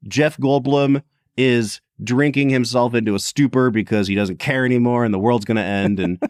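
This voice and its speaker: A man's voice: medium pitch, moderate pace, clean tone, no echo, clean studio sound. A man co-hosting a podcast, chatting casually and joking often. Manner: animated, jokey, laughs often. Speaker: podcast co-host.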